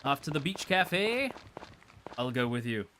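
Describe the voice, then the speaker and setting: Slow-talking rambling male streamer. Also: mid-range voice, big pitch swings, bright, forceful tone, a little hiss or hum. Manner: rambling, slangy, full of fillers. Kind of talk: casual let's-play commentary.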